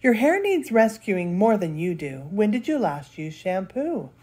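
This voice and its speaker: A woman's voice: mid-range voice, very animated, a little slow, dark tone, breathy edge. A grandmother voicing a prim young prince in a picture-book story. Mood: horrified. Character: fussy young male prince with a ladder.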